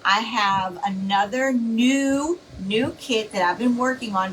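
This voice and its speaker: A woman's voice: a little high, slow, fairly bright tone, distant mic, slight background noise, poor audio. A woman hosting a casual craft live stream, chatty and reassuring, rambling with plenty of fillers as she talks to viewers.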